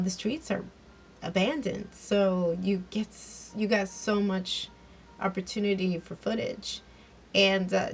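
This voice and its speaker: Woman recapping a show, chatty and rambly, bit of a gravelly fry in her voice. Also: mid-range voice, slight background noise. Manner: chatty, rambling with many fillers and restarts. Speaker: TV episode reviewer. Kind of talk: casual episode recap.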